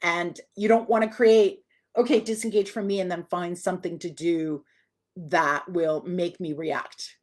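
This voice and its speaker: A woman's voice: on the low side, fairly even intonation, a little slow. A woman dog trainer giving a live online lesson, chatty and direct, now and then putting on a voice for the dog.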